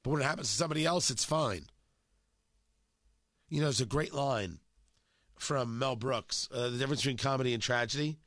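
A man's voice: mid-range voice, fairly quick, pauses often, fairly bright tone, no echo, studio quality. A male talk show host with a cold and a sore throat, delivering an emphatic, mocking political monologue. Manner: emphatic, mocking, punchy phrasing.

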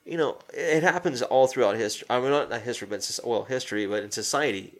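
A man chatting casually about a film, his voice at an ordinary middle pitch. He retells scenes animatedly, jumping into the characters' lines, swearing freely and laughing along the way. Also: fast talker. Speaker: co-host discussing a film. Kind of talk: casual chat.

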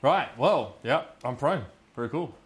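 A man's voice: medium pitch, expressive, a little slow. Laid-back man joking at a game table. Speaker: player. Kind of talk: casual tabletop game play.

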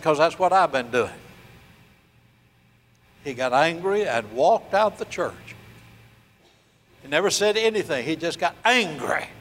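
Older preacher in a reverberant church. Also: male voice, fairly high pitch, fairly bright tone. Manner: storytelling preacher, acts out dialogue, slows for emphasis. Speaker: pastor. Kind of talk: sermon.

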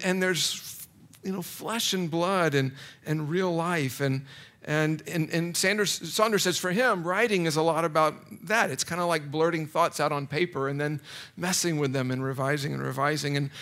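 A man's voice: a little high, fairly bright tone. A man preaching a casual, self-deprecating sermon to a live audience, full of fillers and restarts. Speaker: pastor. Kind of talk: conversational sermon.

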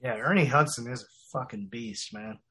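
A man's voice: medium pitch, normal speed, sharp tone. A man co-hosting a casual podcast, easygoing as he talks about movies.

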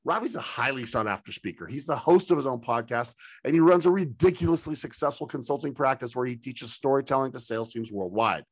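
A man's voice: mid-range voice, animated, fast, hardly any pauses, husky, no echo. A man hosting a sales podcast, enthusiastic and hyped-up as he introduces and interviews a guest. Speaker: podcast host.

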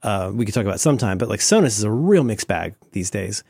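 A man's voice: on the low side, sing-song, fast, gravelly, darkish tone, breathy edge, no room sound, clean studio sound. A man co-hosting a podcast, trading wry, teasing asides in casual tech chat. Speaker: podcast co-host.

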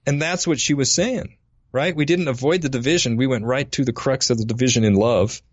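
US man, podcast co-host, halting storyteller, dry and slightly dull recording. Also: mid-range voice, dry recording. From United States. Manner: halting, repeats words often. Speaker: podcast co-host, parish catechist. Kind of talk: casual storytelling.

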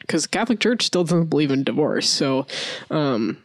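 A woman's voice: low-pitched, expressive, moderate pace, no room sound. A young woman co-hosting a casual podcast, chatty and self-mocking, talking through restarts and fillers. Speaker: podcast co-host.

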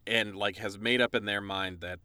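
A man's voice: fairly low pitch, fairly even intonation, moderate pace, pushed and bright, clear, resonant tone, dry recording. A man playing in a tabletop role-playing game, talking casually with hesitant restarts. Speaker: player.

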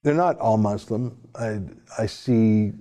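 A man's voice: on the low side, slow, mellow. A man giving sarcastic, indignant opinion commentary while someone scrolls through articles for him. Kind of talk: opinion commentary reading from a screen.

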